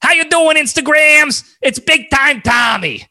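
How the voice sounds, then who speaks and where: A man putting on a loud, brash, cigar-smoking showoff with a fake Italian swagger and a booming, hammed-up greeting. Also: unhurried, heavily acted.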